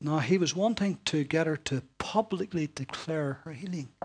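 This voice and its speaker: A man preaching a sermon, dramatic, swinging from loud calls to hushed whispers and putting rhetorical questions to his listeners. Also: on the high side, normal speed, a little hiss or hum.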